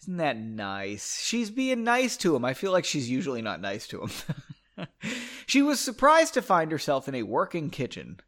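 A man's voice: a little high, wildly swooping pitch, normal speed, a bit bright. A man reading his own story aloud, breaking off for joking asides and self-corrections. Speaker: reader of his own book.

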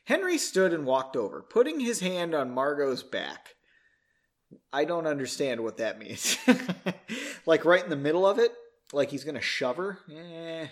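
A man's voice: fairly high pitch, very animated, moderate pace. A man hosting a podcast, casually reading a story aloud and breaking off for joking, self-deprecating asides.

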